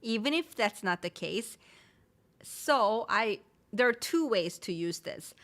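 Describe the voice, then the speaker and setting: A woman's voice: medium pitch, animated, slow, fairly bright tone. A woman teaching phrases in a live stream, mixing English explanations with examples and reading out viewer names. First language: Korean. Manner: mixes English and Korean, repeats example phrases; reads viewer names and comments aloud. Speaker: Korean language teacher. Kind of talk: live-streamed language lesson.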